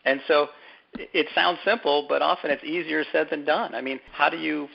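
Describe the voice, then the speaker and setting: A man being interviewed as an author, speaking thoughtfully and haltingly, often repeating words as he gathers his thoughts. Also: fairly high pitch, steady tone, creaky, dull audio. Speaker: author and guest. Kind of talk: conversational interview.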